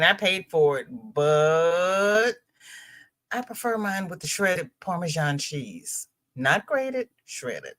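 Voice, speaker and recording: A woman's voice: fairly low pitch, fairly bright tone. A middle-aged woman hosting a live stream, chatting casually and rambling between greetings to viewers by name. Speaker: livestream host.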